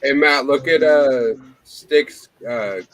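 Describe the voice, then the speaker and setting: A man's voice: medium pitch, slow, no echo, rough recording. A man in a casual chat who thinks aloud and hesitates mid-sentence.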